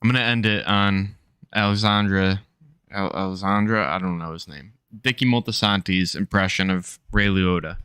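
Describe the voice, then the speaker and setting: Low, bright, crisp male streamer, dry close sound, offhand and profane. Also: steady tone, normal speed, no echo. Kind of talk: casual chat reacting to a clip.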